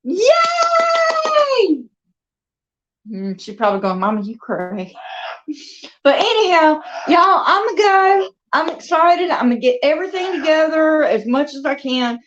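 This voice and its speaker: Here the woman's voice is high and sing-song, moving at a moderate pace with few pauses. She's a crafter hosting videos, chatting casually from her home dining room and breaking off sometimes to speak to her pets, all on a dull lo-fi recording.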